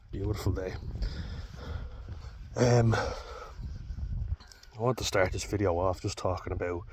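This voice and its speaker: A man's voice: low-pitched, a little hiss or hum. A young Irish man talking in a rambling, blunt and sweary way, vlogging outdoors on a walk. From Ireland. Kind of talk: casual vlog while walking a dog outdoors. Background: faint outdoor ambience, dogs barking.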